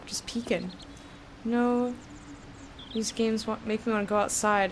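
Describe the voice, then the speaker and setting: A young woman casually commenting while playing a video game, chatty and thinking aloud, with sudden bursts of excitement. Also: mid-range voice, measured pace, pauses often, a little hiss or hum. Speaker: let's play streamer.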